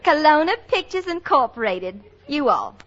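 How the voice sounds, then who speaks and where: A woman putting on a giddy young secretary drawls in a thick, folksy Southern accent. The voice sits high and bright, like 1940s radio comedy. It comes through a muffled vintage broadcast. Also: sing-song, normal speed. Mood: drawling. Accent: put-on American Southern. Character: scatterbrained young female secretary.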